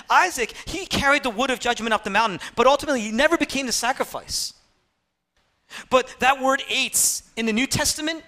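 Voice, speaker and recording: A man preaching a sermon, impassioned, swinging from loud emphatic peaks to hushed low passages.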